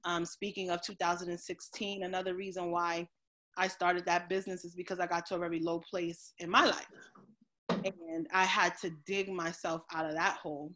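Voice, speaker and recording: A woman life coach talking openly on a video call about her own life, telling her story with many pauses and "um"s. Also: on the low side, little pitch movement, pushed and bright. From New Jersey. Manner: open, storytelling, frequent "um" pauses. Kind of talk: casual video interview.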